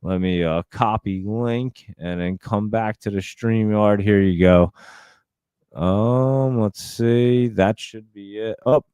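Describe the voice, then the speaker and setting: A man's voice: on the low side, slow, mellow, clean tone, dry recording. A man hosting a live stream, chatting casually and rambling as he reads out and answers viewer comments.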